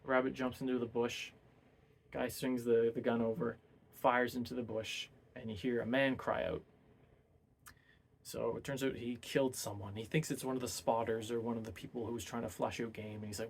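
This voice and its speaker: A man's voice: mid-range voice, steady tone, moderate pace, vocal fry, slight background noise. A man casually retelling a novel's plot as a book reviewer, rambling and full of hesitant fillers.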